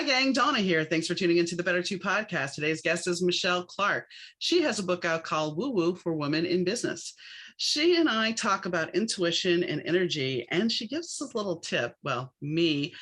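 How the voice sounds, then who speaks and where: Chatty American woman hosting a podcast. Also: fairly low pitch. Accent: mixed American, faint New Orleans. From New Orleans, United States. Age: middle-aged. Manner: chatty, animated, jumps between stories. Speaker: podcast host. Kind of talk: casual interview chat.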